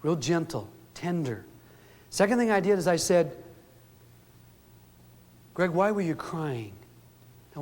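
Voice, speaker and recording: A man's voice: fairly high pitch, darkish tone. A middle-aged man telling earnest, folksy stories to an audience, acting out the quotes as he goes. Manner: earnest, folksy storyteller who acts out quotes. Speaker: speaker. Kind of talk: storytelling talk to an audience. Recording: long hall reverb.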